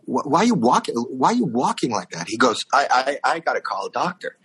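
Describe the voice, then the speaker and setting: A man telling a funny anecdote in a casual chat, acting out the other people's lines with shouts and bursts of high pitch. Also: brisk, husky. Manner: animated storyteller, acts out voices and shouts. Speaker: guest telling a story.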